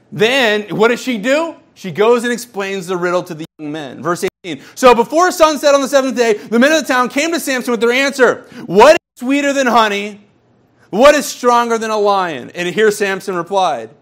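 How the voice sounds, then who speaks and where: A man preaching a sermon in a church, retelling a story in a casual, animated way and acting out the people in it. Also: sits high. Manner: storytelling, acts out quoted characters casually. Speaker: pastor.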